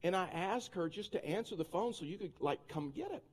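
A male preacher playing a calm theater manager who talks in a soothing, measured way. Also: sits high. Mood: placating.

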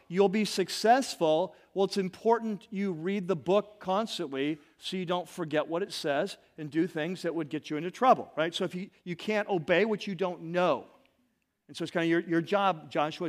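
A male pastor with a notably high voice, preaching in a relaxed, chatty manner. He reads verses aloud and breaks them down with quick asides. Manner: casual, conversational preaching with fillers and asides. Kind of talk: sermon.

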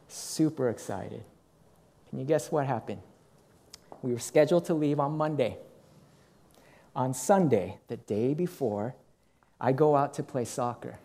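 A middle-aged man preaching, telling a personal story in an animated way and acting out what people said. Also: mid-range voice. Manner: animated storytelling with acted quotes. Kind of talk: sermon storytelling.

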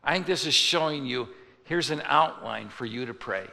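A man's voice: medium pitch, moderate pace, gravelly, pushed and bright. A male pastor preaching a sermon in a conversational style, acting out the voices of people he quotes. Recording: long hall reverb.

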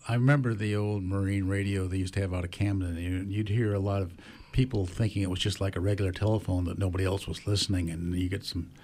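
A man co-hosting a community radio talk show, relaxed and reminiscing. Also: low-pitched, fast talker. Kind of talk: casual radio chat.

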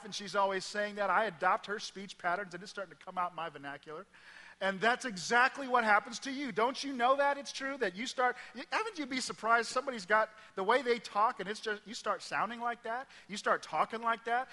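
A man's voice: very high-pitched, pushed and bright. A middle-aged man with a Midwest American accent preaching a sermon in a large church hall, emphatic and repetitive, sometimes dropping almost to a whisper. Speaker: pastor.

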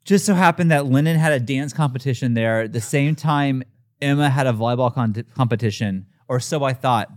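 A male podcast co-host recorded close and dry, with no room sound. He speaks in a casual, mid-pitched voice and reacts bluntly and deadpan. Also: dry recording. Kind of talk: casual chat.

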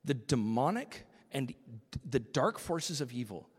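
A man's voice: mid-range voice, very animated, measured pace, breathy edge, long reverb tail. A man preaching a sermon as pastor, acting out quotes and dropping to a whisper for emphasis.

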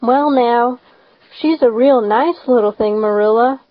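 A woman voicing a shy, gentle old farmer man who speaks slowly and haltingly. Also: on the high side, dry recording. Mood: hesitant. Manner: slow, halting, reluctant. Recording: slightly dull lo-fi recording.

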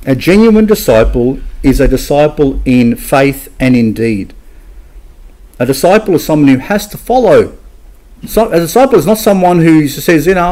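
A man's voice: a little high, expressive, moderate pace, mellow. A man preaching a sermon in a church, emphatic and asking his congregation rhetorical questions. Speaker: pastor.

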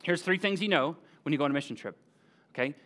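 Pastor, male, lively conversational sermon delivery, slightly high voice. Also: fast. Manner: animated, conversational, asks the room "right?".

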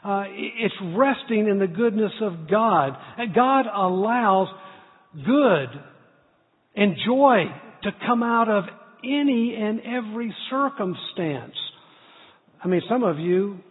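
Man, pastor, earnest storytelling sermon, husky voice, tinny sound. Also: sits high, lively intonation, slow. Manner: storytelling, earnest, builds to loud emphasis. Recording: tinny echoey hall recording.

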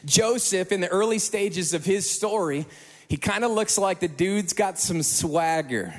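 A man preaching to his congregation with a voice that sits high for a man. He tells stories with open emotion and animated delivery. His words ring out through a church with a long, trailing reverb. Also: a little slow. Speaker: pastor. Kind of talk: sermon.

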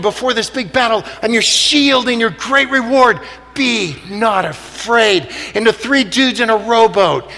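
A middle-aged man giving an animated, joking talk to a church crowd, moving from hushed lines to loud punchlines. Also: very high voice, vocal fry. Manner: animated, jokey, swings from quiet to loud. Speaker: speaker. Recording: long reverb of a large hall.

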